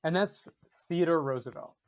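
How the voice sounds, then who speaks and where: A man's voice: on the high side, moderate pace, lo-fi sound. A young man co-hosting a casual history podcast, speaking with wry, playfully formal phrasing. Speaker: podcast co-host.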